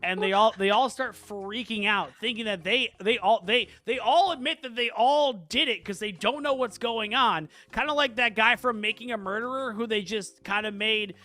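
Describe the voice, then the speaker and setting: A man's voice: sits high, moderate pace, hardly any pauses, pushed and bright. A man narrating a comedic tabletop game as game master, rambling and playful, with frequent fillers.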